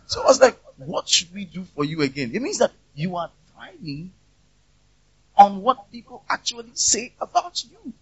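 A man's voice: high-pitched, sing-song, normal speed, bright, forceful tone, breathy edge, no echo. A man preaching a conversational sermon, asking rhetorical questions and acting out the voices of people he quotes. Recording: dull, lo-fi recording.

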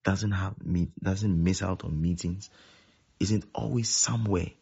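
A man's voice: sits low, steady tone, unhurried, vocal fry, mellow, breathy edge. A man preaching a sermon as pastor, repeating his points and often asking whether his listeners are following. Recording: dull lo-fi sound.

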